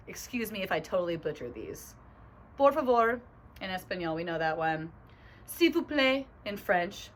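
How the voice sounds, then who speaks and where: A woman's voice: medium pitch, a bit bright. A young woman teacher reading a picture book aloud to children on her phone, bubbly and chatty. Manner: bubbly and chatty, lots of "right?" asides and giggles.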